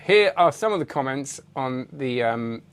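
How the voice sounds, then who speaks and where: A man's voice: mid-range voice, animated, a little slow, clear, resonant tone. A middle-aged British man hosting a magic review channel, chatting casually and rambling while greeting viewers by name. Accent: British English. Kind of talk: casual live-stream chat.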